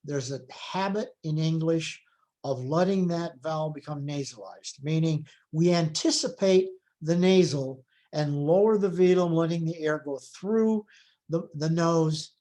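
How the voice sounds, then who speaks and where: A middle-aged man lecturing in a recorded class, his voice sitting a little high for a man. He explains step by step in a measured, patient way, pausing on fillers and rephrasing himself as he goes. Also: warm tone. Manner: measured explanatory delivery with frequent self-corrections. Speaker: phonology lecturer.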